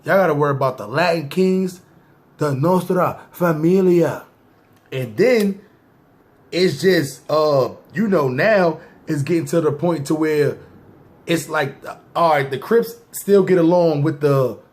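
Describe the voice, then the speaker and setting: A man with a fairly high voice talks through a casual podcast story and turns to his audience often. His speech is loose and heavy with slang. He drops into quick mock voices to act out scenes. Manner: loose slang-heavy talk, often addressing listeners as "y'all". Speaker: podcast host. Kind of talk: casual street storytelling to viewers.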